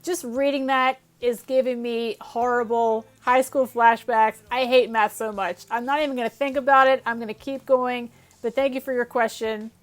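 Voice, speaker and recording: A woman's voice: fairly high pitch, fairly even intonation, normal speed, hardly any pauses. Chatty woman answering viewer questions. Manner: chatty, self-deprecating, reads questions aloud then answers. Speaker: YouTube channel host answering viewer questions. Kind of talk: casual Q&A chat.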